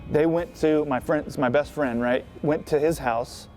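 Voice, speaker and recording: A man with a dark, mellow voice tells his story in a loose, profane, conversational way, checking in with "right?" and "you know" as he goes. Faint music plays softly behind him. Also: on the high side, measured pace. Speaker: skateboarder. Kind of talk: recounting his past in an interview.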